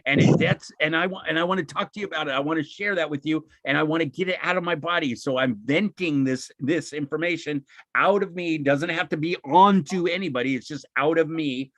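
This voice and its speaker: A man's voice: on the high side, fairly quick, fairly bright tone, dry recording. A man giving an informal, encouraging webinar talk over a video call, often acting out what people say. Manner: conversational, encouraging, acts out quoted speech.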